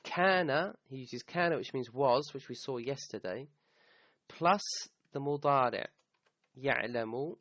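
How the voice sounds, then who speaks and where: Unhurried and medium-pitched, with a slightly bright tone, a Quran teacher records a grammar lesson that explains one point after another. He quotes Arabic verses and regularly pauses to ask "okay?" The sound is a bit dull and dry, lacking any room sound.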